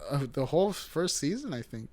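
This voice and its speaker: A young man chats casually with a friend, his voice sitting a little high for a man. He tells long, laid-back stories, swears freely, and acts out what others said. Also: sing-song, fairly quick, a little mellow. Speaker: podcast co-host. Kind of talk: casual chat.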